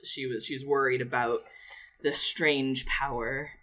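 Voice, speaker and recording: A woman narrating as game master of a tabletop role-play, laughing often and pausing on fillers. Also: a bass voice, fairly even intonation, a bit bright.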